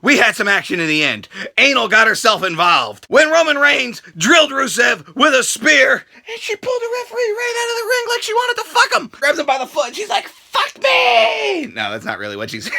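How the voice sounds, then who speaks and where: A man recapping wrestling for his vlog in a strikingly high, bright, tense voice with a gravelly edge. His delivery is crude and jokey. It swings widely in pitch and breaks into shouted outbursts. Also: big pitch swings, brisk. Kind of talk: comedic wrestling show recap.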